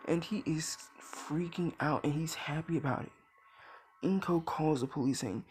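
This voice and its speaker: A man's voice: on the high side, moderate pace, darkish tone, husky. A young man narrating a fan story in a casual, rambling way, with lots of filler words and self-corrections.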